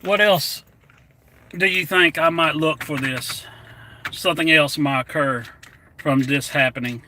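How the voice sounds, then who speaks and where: A man a little out of breath, taunting and repeating himself as he rants to his viewers, with a fairly high voice for a man. He sits in a car, and clear road and engine noise runs under his voice. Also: measured pace, long pauses, bright, forceful tone. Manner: defiant, mocking, repetitive. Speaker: livestreamer. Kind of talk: rambling livestream rant.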